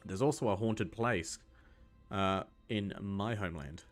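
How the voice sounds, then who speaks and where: Young scottish-born guy, deepish voice, rambly casual game chat w/ lots of ums. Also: a little slow, faint music behind. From Scotland. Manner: rambling and loose, many ums and restarts. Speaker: gaming video host. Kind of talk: casual gameplay commentary answering chat.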